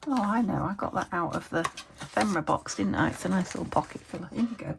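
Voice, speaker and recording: A UK craft vlogger chats casually to her viewers while crafting at her desk at home, talking to herself and hunting for words. Her voice is lowish and fast with vocal fry, over a noisy background.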